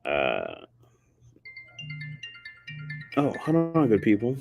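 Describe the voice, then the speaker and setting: A man's voice: fairly low pitch, lively intonation, normal speed, long pauses, soft background music. A man chatting casually on a livestream, slangy and rambling, laughing often. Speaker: streamer.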